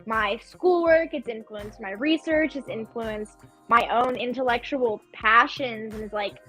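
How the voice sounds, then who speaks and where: High-voiced woman speaking slowly. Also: a bit bright, faint music behind. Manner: enthusiastic, laughs often. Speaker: student. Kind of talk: casual chat.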